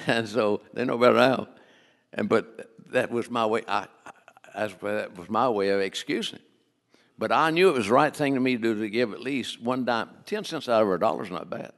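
A man's voice: medium pitch, normal speed, creaky, fairly bright tone, in a large hall. An older man preaching a folksy, joking sermon on giving in a church, full of restarts. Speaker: guest preacher. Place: church sanctuary.

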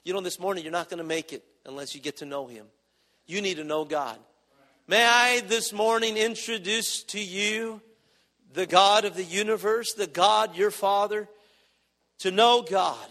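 High-voiced preacher in an echoing hall. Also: male voice, moderate pace, pushed and bright. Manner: impassioned, rising and dropping in volume, acting out prayers. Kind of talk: sermon.

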